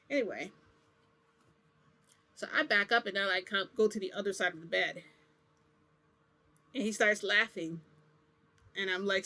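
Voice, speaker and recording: A woman speaks in a middle-pitched voice, as in a casual vlog. She rambles through a long personal story, filling it with "like" and restarting her sentences to correct herself. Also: sharp tone. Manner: rambling, full of "like" and self-corrections. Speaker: vlogger.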